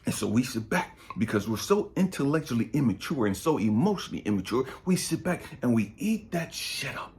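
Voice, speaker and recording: A man's voice: mid-range voice, big pitch swings, a little fast, few pauses, a little mellow. A middle-aged man, a spiritual coach, preaching in an impassioned, emphatic way and swearing freely. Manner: profane, emphatic, passionate.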